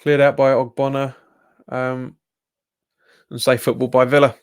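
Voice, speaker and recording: A young man with a Cockney-tinged London accent doing live watch-along commentary of a football match, reacting loudly to refereeing calls and answering viewers' chat. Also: little pitch movement, unhurried, smooth. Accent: Cockney-tinged London English. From England. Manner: exasperated, jumps up in pitch at bad calls, chats with viewers. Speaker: football fan livestreamer.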